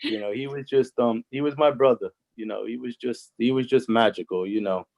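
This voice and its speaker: A man who used to be a coaching colleague tells stories on a video call, rambling loosely with many fillers and restarts. His medium-pitched voice is fairly quick, creaky and a little mellow, and the audio is poor.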